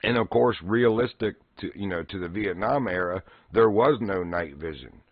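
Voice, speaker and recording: A man's voice: deep voice, expressive, normal speed, no echo, muffled recording. A man streaming, casually telling old gaming stories and laughing often. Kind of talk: casual storytelling.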